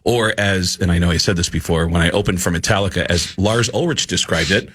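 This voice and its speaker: Comedian guest, man, husky, animated storyteller, slips into voices. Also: low voice, fairly quick. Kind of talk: casual radio chat.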